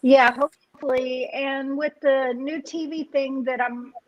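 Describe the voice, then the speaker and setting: Chatty woman, slightly high voice. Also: fairly even intonation, unhurried, low-quality recording. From Texas. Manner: chatty, with fillers and laughs. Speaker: guest metal detectorist. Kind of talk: casual livestream chat.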